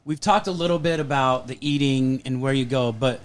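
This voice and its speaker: A man co-hosts a podcast in easygoing conversation, drifting into relaxed stories. His voice sits at an ordinary middle pitch. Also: brisk. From Southern United States. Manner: relaxed, storytelling. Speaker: podcast co-host. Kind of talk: casual chat.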